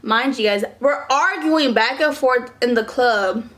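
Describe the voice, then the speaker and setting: A young woman vlogger telling a storytime in a casual, animated way, swearing and saying "like" a lot. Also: a little high, unhurried.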